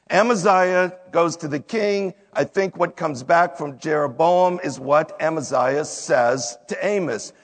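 A man giving a sermon, reading verses aloud and then explaining them in plain words. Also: fairly high pitch. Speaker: preacher. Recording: long hall reverb.

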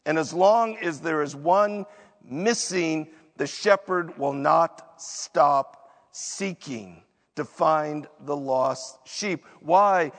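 Slow-preaching man in a reverberant hall. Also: on the high side, fairly bright tone. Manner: emphatic preaching with quick asides and acted-out excuses. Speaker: pastor. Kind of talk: sermon.

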